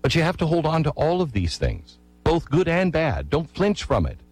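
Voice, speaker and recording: A man's voice: fairly high pitch, huge pitch swings, normal speed, a little mellow, breathy edge, rough recording. A man telling a history story with emphatic delivery, asking the listener rhetorical questions. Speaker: history speaker.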